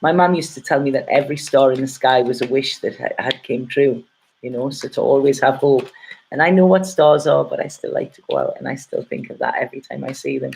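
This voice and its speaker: A woman's voice: extremely low pitch, brisk, gravelly, a little mellow, slight background noise. A middle-aged woman gives a casual, rambling and heartfelt tarot reading, often checking in with "okay?". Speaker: tarot reader.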